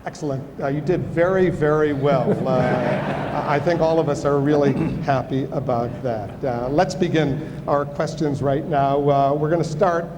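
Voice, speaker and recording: A man's voice: on the high side, background noise. Male debate moderator, formal with dry wit, reverberant hall sound. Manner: measured, dry humor, frequent "uh" fillers. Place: large debate hall with audience.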